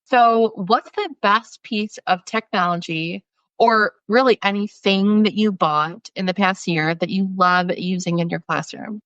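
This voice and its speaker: A woman's voice: mid-range voice, measured pace, fairly bright tone, dry recording. A woman hosting a podcast, asking questions in a friendly, casual way. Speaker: podcast host. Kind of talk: casual conversational interview. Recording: dull, slightly lo-fi dry sound.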